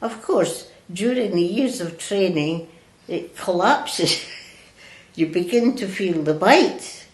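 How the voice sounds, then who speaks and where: Older nun telling her story real slow, lowish voice, kind of echoey room. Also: animated. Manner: slow, reflective, with restarts and hesitations. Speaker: Catholic religious sister. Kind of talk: reflective personal storytelling in an interview. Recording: roomy echo.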